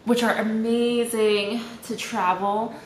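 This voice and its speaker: A woman's voice: fairly high pitch, steady tone, takes it slowly, a little hiss or hum. A young woman from Malaysia chatting casually in a vlog, with lots of "like" fillers. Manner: chatty, heavy use of "like" fillers. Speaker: vlogger. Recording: echoey room with faint ambience.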